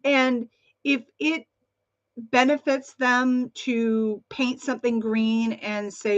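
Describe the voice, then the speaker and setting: Vlog host, woman, a bit high-pitched, fervent and rambling, on a dry, muffled recording. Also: flat delivery, takes it slowly, no room sound. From United States. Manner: passionate, rambling, with frequent restarts and fillers. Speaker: channel host. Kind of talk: opinionated monologue to camera. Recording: dull lo-fi recording.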